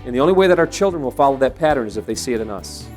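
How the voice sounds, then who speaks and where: Speaking very fast over soft background music, this man has an expressive, slightly mellow mid-range voice. He is a Christian parenting speaker whose earnest, sermon-like talk relies on anecdotes, with frequent restarted phrases as he builds his point.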